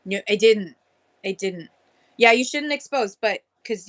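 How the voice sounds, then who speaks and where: A woman's voice: mid-range voice, measured pace, a bit bright. A woman hosting a casual livestream chat, greeting viewers one by one by name in a bubbly, chatty way. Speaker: livestream host greeting sellers.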